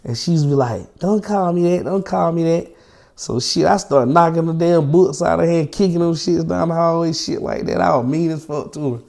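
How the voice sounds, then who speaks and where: A young man, an interview guest, telling a long personal story in slangy, profane, animated casual talk. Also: on the high side, fairly quick, vocal fry, few pauses.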